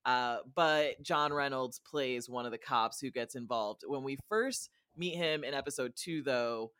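A woman from the Midwest, a comedian guest, telling jokey stories in an animated way on a podcast. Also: very deep voice, unhurried, clean tone, dry recording, studio quality. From American Midwest. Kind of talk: casual podcast chat.

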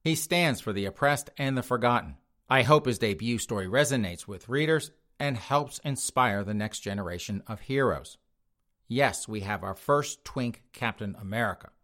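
A man's voice: medium pitch, expressive, moderate pace, fairly bright tone. Crass, rambling podcast host man. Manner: crass, mocking, rambling with frequent laughs. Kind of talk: casual comedic news commentary.

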